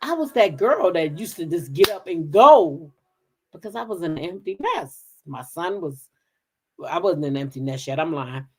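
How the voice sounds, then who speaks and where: A woman's voice: on the low side, lively intonation, moderate pace, a little mellow, slightly rough. A middle-aged woman hosting a gossip channel, chatting frankly with her viewers in a casual live stream, reading their comments and swearing freely.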